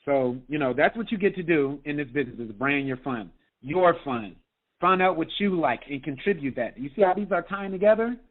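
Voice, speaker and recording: A man, a health coach, giving an energetic motivational talk on a group call, often checking in with "okay?". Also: fairly high pitch, brisk. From United States. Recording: tinny phone line.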